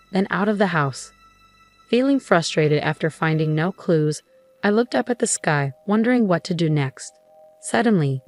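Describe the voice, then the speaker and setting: Woman telling a first person story, kinda low voice, steady and earnest, faint music in the back. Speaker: narrator.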